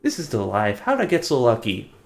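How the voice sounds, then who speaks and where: A man's voice: mid-range voice, wildly swooping pitch, fairly quick, a little mellow, soft background music. A man voicing a cheerful, chatty young woman who is a cafe regular, in a bubbly sing-song manner.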